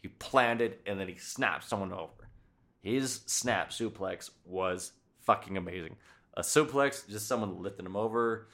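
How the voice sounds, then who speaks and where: Low-voiced podcast host guy, swears a lot, gets hyped and acts out quotes. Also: measured pace. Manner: excited, profane, acts out quotes. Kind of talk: casual chat.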